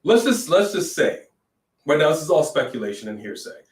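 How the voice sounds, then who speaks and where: Animated man talking wrestling, echoey room. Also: fairly high pitch, brisk, distant mic. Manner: animated, sings jokingly, reads in a newscaster voice. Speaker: podcast co-host. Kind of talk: casual wrestling chat.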